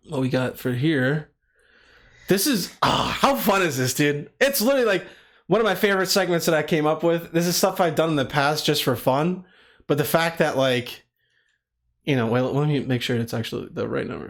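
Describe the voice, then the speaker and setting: A man's voice: a little high, normal speed, fairly bright tone. A man co-hosting a casual podcast, talking in a rambling way and swearing casually. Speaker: podcast co-host. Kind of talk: casual chat.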